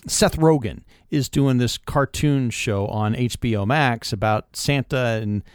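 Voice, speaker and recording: A man's voice: mid-range voice, smooth, no echo, clean studio sound. A man co-hosting a political talk radio show, bantering wryly and running a quiz game. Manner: quick, wry, quiz-style game host.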